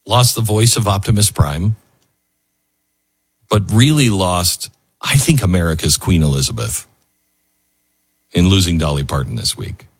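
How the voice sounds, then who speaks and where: Male radio host, husky, lower pitch, emotional, rambling. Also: a little slow, pauses often, no room sound, clean studio sound. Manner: emotional, rambling, with many fillers and restarts. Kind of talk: casual on-air talk.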